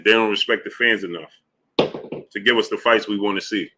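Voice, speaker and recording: A man's voice: on the low side, normal speed, noisy background. A man hosting a live boxing talk stream. He greets viewers one by one in a loose, casual, slangy way. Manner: loose, repetitive shout-outs in a friendly drawl, slips into slang.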